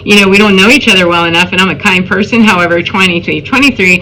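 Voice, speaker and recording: Woman host, bright forceful voice, emphatic storyteller talking straight to camera, light noise under it. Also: mid-range voice, fairly even intonation, very fast, low-quality recording. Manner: emphatic, storytelling with acted-out quotes. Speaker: spiritual vlogger. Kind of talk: casual monologue.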